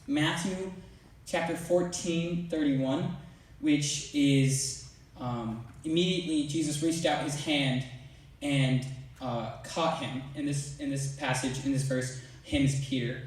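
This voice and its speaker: A man's voice: fairly high pitch, steady tone, slow pace. A teenage boy speaking to a church youth group, casual and rambling, with lots of fillers. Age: teens. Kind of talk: youth talk with playful retold dialogue. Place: large church hall. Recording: echoey hall, mic from a distance.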